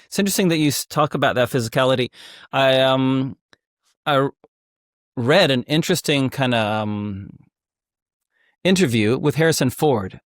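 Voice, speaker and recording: A man's voice: mid-range voice, animated, moderate pace, pauses often, dry recording. Hesitant male host, dry sound. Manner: thoughtful, hesitant, with fillers. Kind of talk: casual interview.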